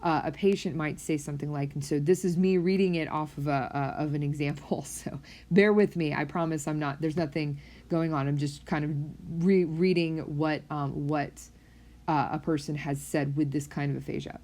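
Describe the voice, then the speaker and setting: A woman lecturing on psychology in a relaxed, conversational way, with frequent fillers and restarts. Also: low voice, normal speed. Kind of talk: recorded university lecture.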